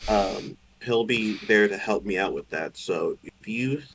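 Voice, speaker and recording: A man playing a tabletop game, thinking aloud with hesitant pauses. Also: lowish voice, a bit bright, a little hiss or hum. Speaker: player. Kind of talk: casual tabletop play.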